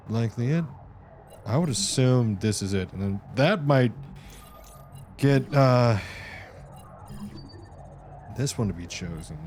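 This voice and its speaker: A man's voice: on the low side, darkish tone, slight background noise. A man streaming a game, rambling casually and chatting with viewers as he plays. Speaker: gaming streamer. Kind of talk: casual live-stream commentary.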